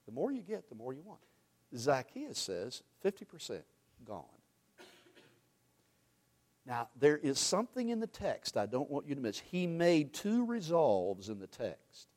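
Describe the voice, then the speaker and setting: A man preaching a sermon, animated, swinging from loud emphasis to hushed asides and quizzing the congregation. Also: fairly high pitch. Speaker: pastor.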